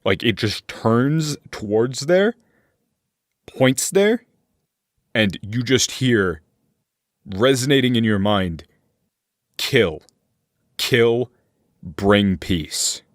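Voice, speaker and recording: A man running a tabletop game as game master, narrating slowly with fillers and restarts. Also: medium pitch, expressive, no echo, studio quality. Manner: slow, hesitant narration with many fillers.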